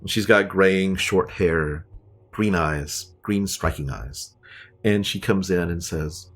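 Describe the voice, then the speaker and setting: A man runs a tabletop game, describing rooms and people in a relaxed, offhand way with plenty of fillers. His voice sits on the low side. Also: slow, a little hiss or hum. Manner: loose, casual narration with fillers. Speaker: dungeon master.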